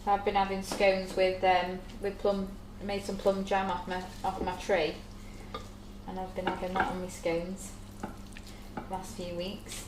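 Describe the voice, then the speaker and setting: A woman's voice: medium pitch, completely flat delivery, unhurried, background noise. A woman giving a live cooking demonstration, chatting step by step as she mixes ingredients in a kitchen. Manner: chatty step-by-step explaining while working. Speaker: baker demonstrating recipes. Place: shop's demo kitchen. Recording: echoey kitchen with clattering dishes.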